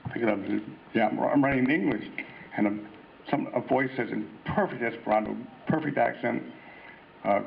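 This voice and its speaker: Older American man, gravelly anecdotal talk. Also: mid-range voice, moderate pace. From United States. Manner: rambling storyteller with frequent restarts and hesitations. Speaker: guest author giving a talk. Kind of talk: anecdotal convention speech. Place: convention hall. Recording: lo-fi hall recording with faint noise.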